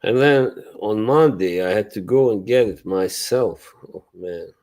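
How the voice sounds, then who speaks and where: A man's voice: on the low side, a little slow, a little mellow. A man hosting a casual live stream, rambling loosely, swearing and laughing as he talks to his chat. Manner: greets and answers chat viewers. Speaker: livestream host.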